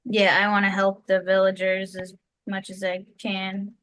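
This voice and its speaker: A woman's voice: mid-range voice, completely flat delivery, normal speed, a bit bright, a little hiss or hum, rough recording. A woman playing a tabletop game, talking casually and asking the table before acting. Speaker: player.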